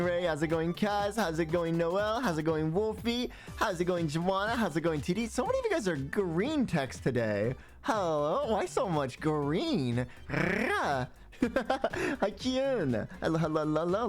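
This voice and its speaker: Guy streaming and yapping to chat, playful, hums and repeats himself, soft music behind. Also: on the high side. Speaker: livestreamer greeting chat. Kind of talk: casual livestream chat.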